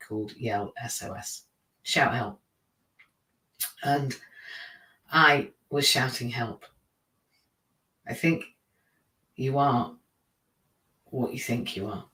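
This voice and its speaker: A man's voice: medium pitch, sharp tone. A man hosting a live stream in a casual, rambling, self-deprecating monologue, laughing often at his own slips. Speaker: teacher. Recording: roomy, from a distance.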